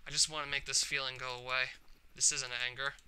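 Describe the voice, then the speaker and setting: A man's voice: mid-range voice, flat delivery, a little fast, sharp tone, clean tone. A man reading aloud as a troubled, shy teenage girl from a visual novel, emotional, his voice climbing into cries. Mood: despairing.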